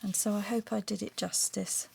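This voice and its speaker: A middle-aged woman with a Surrey and Sussex English accent, talking softly and often half-whispering as she narrates a craft journal video and reads aloud. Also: mid-range voice, flat delivery, normal speed, gravelly, husky. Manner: soft-spoken, often drifting into a half-whisper. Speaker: craft vlogger.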